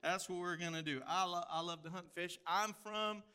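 Man, Texan accent, pastor, folksy storytelling sermon, bright tone. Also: high voice, fairly even intonation, brisk, clean tone. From Texas hill country. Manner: folksy storytelling with drawled phrases.

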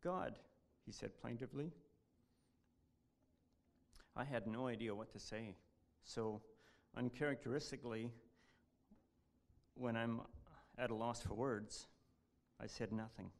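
Earnest gravelly-voiced man at church. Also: mid-range voice, fairly even intonation. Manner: earnest, halting delivery. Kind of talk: devotional talk, reading aloud.

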